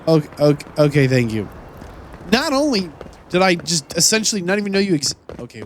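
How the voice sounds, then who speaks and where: A man's voice: on the high side, very animated, fairly quick, slight background noise. A man hosting a game playthrough, commentating as he plays and launching into mock-indignant, theatrical rants at enemies. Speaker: let's play host. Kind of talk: gameplay commentary.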